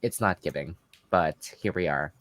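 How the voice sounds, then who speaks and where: A tired man co-hosting a casual podcast, laid-back and quick to laugh. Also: low voice, a bit bright, slight background noise. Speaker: podcast co-host. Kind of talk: casual chat.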